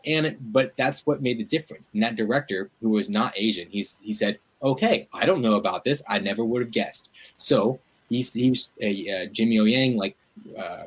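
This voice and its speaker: A man, a media activist and guest, talking in a casual interview, animated and full of "like" fillers. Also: lowish voice, slightly rough, poor audio.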